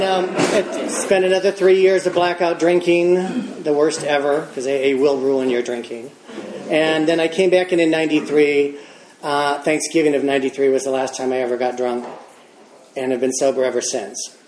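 A man's voice: on the high side, level tone, moderate pace, a little mellow. A man in his fifties with an American accent gives a personal testimony at a recovery meeting. He tells his story with chuckles and self-deprecating humor. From Michigan, United States. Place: large meeting room. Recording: echoey room with background noise.

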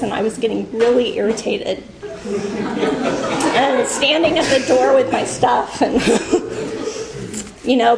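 Woman with a gravelly voice in an echoey room. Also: a little high, darkish tone, a little hiss or hum. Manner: rambling, many fillers, laughs through emotion. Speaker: recovery meeting speaker. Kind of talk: personal share at a meeting.

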